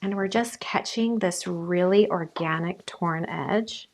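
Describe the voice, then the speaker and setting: A woman's voice: lowish voice, slow pace. A woman hosting a live crafting demonstration, chatting upbeat and narrating what her hands are doing, with the hiccups. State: has the hiccups. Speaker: crafting host.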